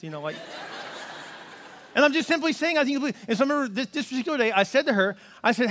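Animated man preaching in a reverberant hall. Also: high-pitched, fast, slight background noise. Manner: conversational, animated preaching with repeated "right?" and acted-out quotes. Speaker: pastor. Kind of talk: sermon.

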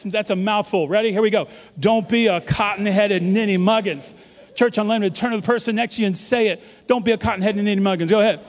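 Brief: man in his fifties from New York, lively joking pastor, higher voice, long church reverb. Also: brisk. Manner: animated, joking, leads the crowd in call-and-response. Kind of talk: sermon. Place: large church auditorium.

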